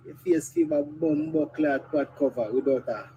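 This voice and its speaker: A woman's voice: sits low, huge pitch swings, normal speed, muffled recording, slight background noise. A woman with a Jamaican accent ranting angrily in patois in a played video clip, full of insults and swearing.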